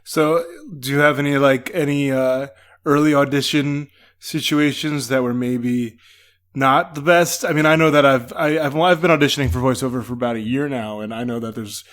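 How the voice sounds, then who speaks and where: A man's voice: mid-range voice, fairly even intonation, moderate pace, fairly bright tone. A young adult man hosting a casual interview, easygoing and often restarting his sentences. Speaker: podcast host.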